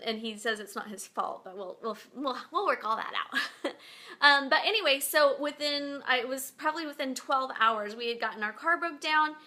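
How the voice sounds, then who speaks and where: High bright-voiced chatty woman. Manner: chatty, rambling with many fillers. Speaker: podcast host. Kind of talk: casual chat to viewers. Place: at home beside her bed.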